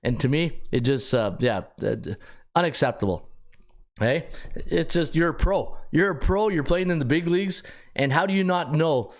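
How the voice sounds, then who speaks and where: A middle-aged man hosting a sports betting podcast, talking casually in an animated, rambling way with frequent restarts. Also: a little high, normal speed. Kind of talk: casual live-stream talk.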